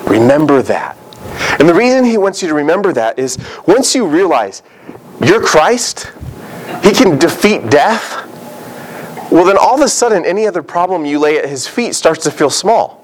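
Animated male pastor preaching. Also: a little high, normal speed, slight background noise, low-quality recording. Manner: animated preaching with rhetorical questions. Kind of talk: sermon.

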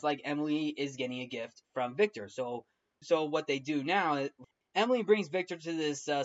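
A man's voice: a little high, muffled recording. A man hosting a film review show, recapping the story in a casual, rambling way with many restarts and fillers.

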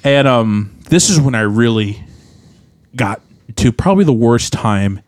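A man's voice: mid-range voice, animated, unhurried. A young man talking candidly on a podcast, rambling with lots of fillers and restarts. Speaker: podcast co-host, musician. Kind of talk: candid casual chat.

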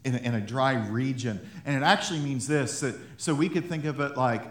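A man's voice: medium pitch, brisk. A man preaching a sermon as pastor, talking to the congregation in a conversational way, repeating himself and chuckling as he goes. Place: church sanctuary. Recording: echoey church sanctuary.

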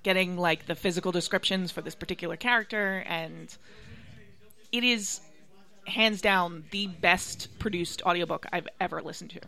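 Woman, podcast guest, casual chat, bright tone, enthusiastic. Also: on the low side, moderate pace, vocal fry. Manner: enthusiastic, laughs often.

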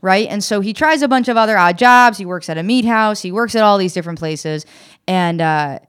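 A woman's voice: medium pitch, fairly bright tone, clear, resonant tone. Earnest woman co-hosting a self-help podcast. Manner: earnest, encouraging, retells scenes in quick voices. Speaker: podcast co-host.

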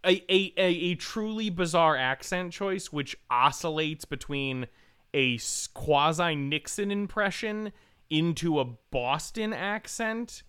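A man co-hosting a podcast, chatting casually about a movie, animated and laughing often. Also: on the high side, slow pace, smooth. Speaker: podcast co-host. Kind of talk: casual movie review chat.

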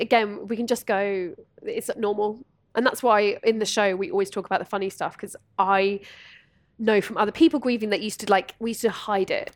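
A woman guest telling candid stories in conversation, animated, laughing and swearing freely. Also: medium pitch, dry recording. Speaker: podcast guest.

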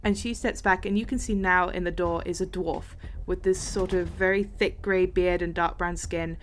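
A woman's voice: on the low side, fairly even intonation, moderate pace, slight background noise. A woman narrating a tabletop game as game master, playful and swearing freely.

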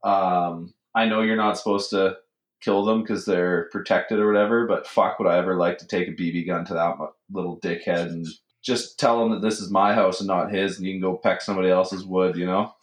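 A man's voice: low voice, steady tone, fairly quick, echoey room. A man co-hosting a casual podcast, laid-back and swearing in banter. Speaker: podcast co-host.

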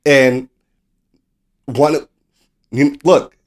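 An American man co-hosting a sports podcast, telling a story in a casual, animated way and acting out the people he quotes. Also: mid-range voice, drawn-out words. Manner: swears casually. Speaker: podcast co-host.

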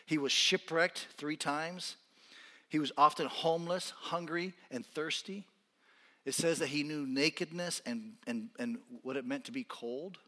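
A man's voice: on the high side, unhurried. Impassioned male pastor in a reverberant church. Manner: impassioned, rising to near-shouting then dropping quiet. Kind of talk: sermon. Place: church sanctuary.

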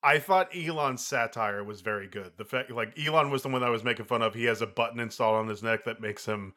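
A man co-hosting a film review podcast with a bright, forward tone at a middle pitch. He talks in a thoughtful, halting way, often restarting mid-thought. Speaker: podcast co-host. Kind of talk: casual film review chat.

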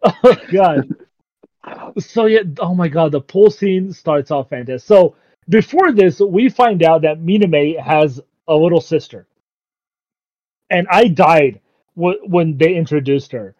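Excitable high-pitched male podcaster, laughs through his recaps, curses, dull lo-fi audio. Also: unhurried, dry recording. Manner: excitable, laughs constantly while retelling; swears casually. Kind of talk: casual chat recapping an anime episode. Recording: dull lo-fi sound.

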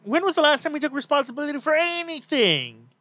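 A man's voice: extremely high pitch, very animated, fast talker, sharp tone, dry recording. A man hosting a podcast in casual chat, talking bluntly and swearing freely. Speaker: podcast host.

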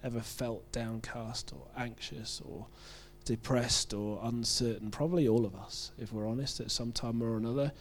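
A man from the UK with a British accent, preaching a sermon in a relaxed, conversational way, joking at his own expense and often restarting his phrases. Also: medium pitch, normal speed, few pauses, a little hiss or hum. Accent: British English. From United Kingdom. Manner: conversational, self-deprecating, with frequent restarts.

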